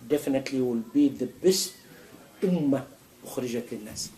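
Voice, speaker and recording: A man giving a sermon in a mosque, animated and full of rhetorical questions. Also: mid-range voice, normal speed, poor audio. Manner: animated, acts out a dialogue with God, rhetorical questions. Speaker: imam answering a question. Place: mosque hall.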